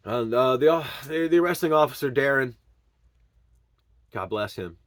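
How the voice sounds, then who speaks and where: A man telling his own story in an earnest, emotional way, swinging from loud pleading to hushed murmurs. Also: medium pitch, lively intonation, normal speed, no room sound, clean studio sound. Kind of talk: personal storytelling monologue.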